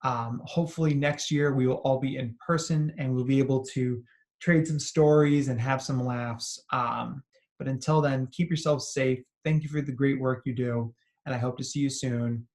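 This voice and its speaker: A psychologist presenting a recorded talk to educators, telling stories in an earnest, conversational way and often adding "right?". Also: male voice, mid-range voice, steady tone, moderate pace, darkish tone. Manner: earnest and encouraging. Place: remote talk, not in person.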